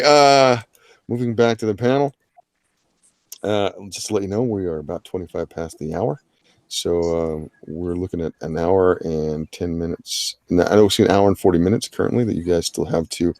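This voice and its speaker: Low-pitched and darkish in tone, the man speaks at a moderate pace in a recording without room sound. He runs a live drawing-challenge stream, chatting loosely with heavy filler and little jokes thrown in.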